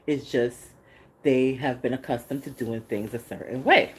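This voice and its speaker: A woman's voice: a bass voice, steady tone, normal speed, husky, poor audio. A woman hosting a podcast, speaking candidly in a casual spiritual monologue, laughing often and swearing freely. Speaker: podcast host.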